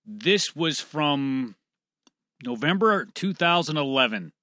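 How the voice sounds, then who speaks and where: A man's voice: on the high side, animated, takes it slowly, bright, forceful tone, no room sound, studio quality. A man casually introducing a set of clips in an offhand way. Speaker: clip presenter.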